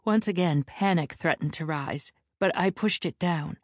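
A woman narrating a first-person audiobook at a measured, steady pace, voicing the characters herself. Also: lowish voice, no room sound, clean studio sound.

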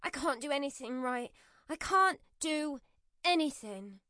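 This is a flustered young mother berating herself in a storybook reading, as a woman narrator puts her on. The voice sits well up high and is strained and near tears. The recording is dry and close. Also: expressive, measured pace, bright, forceful tone, dry recording, heavily acted. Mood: distraught. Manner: frantic, self-critical outbursts. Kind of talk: scripted audiobook narration.

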